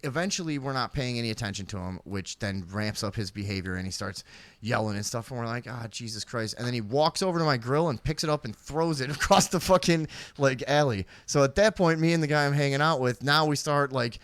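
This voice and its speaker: A man's voice: mid-range voice, fairly quick, fairly bright tone, clear, resonant tone, no echo. A man co-hosting a podcast, telling rambling neighborhood stories in casual chat. He swears freely and acts out the people in his stories. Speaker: podcast co-host.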